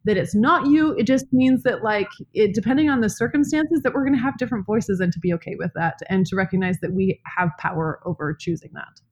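A woman's voice: mid-range voice, a little fast, few pauses, a little mellow, lo-fi sound. A woman in casual podcast talk, smiley and chatty, often restarting her sentences. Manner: smiley, talkative, many restarts. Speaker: podcast co-host, yoga teacher.

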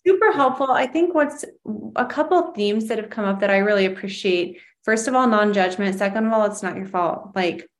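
A woman hosting a podcast, explaining ideas in a thoughtful, gentle way in a casual interview. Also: medium pitch, fairly quick, hardly any pauses. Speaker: podcast host.

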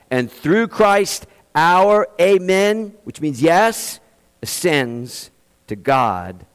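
Male pastor, sermon, emphatic, pace swings from quick asides to slow stress, fairly high voice, long hall reverb. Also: clean tone. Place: church in Austin, Texas.

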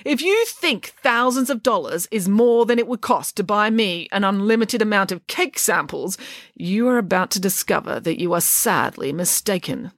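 A woman's voice: mid-range voice, lively intonation, normal speed, no echo, voice pushed up, natural voice. A woman voicing a flamboyant, greedy, self-assured female pig nanny in a storybook, imperious and scoffing. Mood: ruthless.

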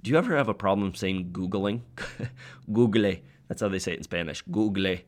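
A dog-training podcast host with a very low voice who talks bluntly and with energy. He jokes around and swears casually as he speaks straight to his listeners. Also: expressive, fairly quick.

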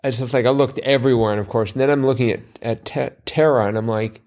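A man of middle pitch co-hosting a casual podcast about the daily crossword. He thinks aloud, muses over clues and pokes fun at his own mistakes. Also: fairly even intonation, fast, darkish tone. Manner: musing, self-deprecating, thinks aloud with fillers. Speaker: podcast co-host.

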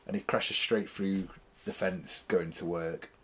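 A young man in casual chat, rambling through stories with many fillers and getting loud when excited. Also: low voice, unhurried, slightly rough. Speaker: podcast co-host.

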